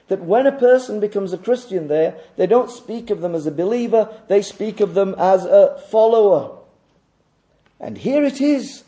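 A man's voice: high-pitched, lively intonation, moderate pace, warm tone. A male preacher delivering a sermon, pressing his listeners with rhetorical questions and emphatic repetition.

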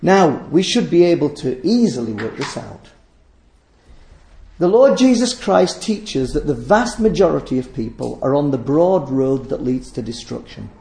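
A man's voice: a little high, lively intonation, a little slow, creaky, mellow, reverberant. A man preaching a sermon in a church, speaking emphatically and repeating phrases for stress.

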